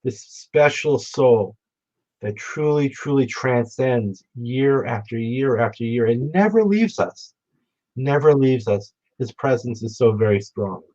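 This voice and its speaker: Halting man telling a memorial story. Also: medium pitch, warm tone, muffled recording. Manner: halting, reflective, frequent restarts. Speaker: memorial speaker. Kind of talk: storytelling remembrance. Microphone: remote broadcast.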